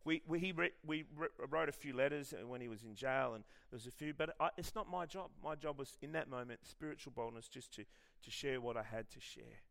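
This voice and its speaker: A middle-aged Australian man preaching a sermon in a lively, conversational way, telling personal stories with self-deprecating humour. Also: medium pitch, a little fast, vocal fry. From Western Australia. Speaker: pastor.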